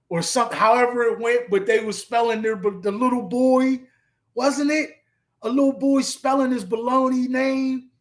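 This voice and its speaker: A man's voice: very high-pitched, steady tone, normal speed. A man hosting a live stream in a casual, laid-back way, chuckling often and spelling words out letter by letter as he chats with viewers.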